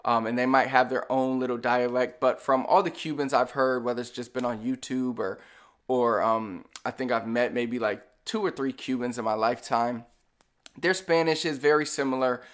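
A man with a Puerto Rican accent, explaining language points in a relaxed, casual lesson and slowly repeating example words. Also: mid-range voice. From Puerto Rico. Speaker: Spanish language teacher.

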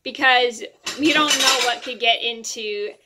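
A woman's voice: a little high, unhurried, very noisy. A young woman vlogger telling a story to camera in a chatty, rambling way, full of ums and restarts.

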